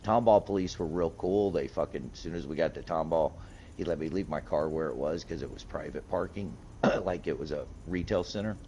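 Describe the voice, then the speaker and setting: A man with an extremely low voice chats while he plays, spinning a profane story full of quoted back-and-forth. The talk is loose and animated. A faint hiss runs under the recording. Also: fairly quick. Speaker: gaming streamer. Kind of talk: casual chat while gaming.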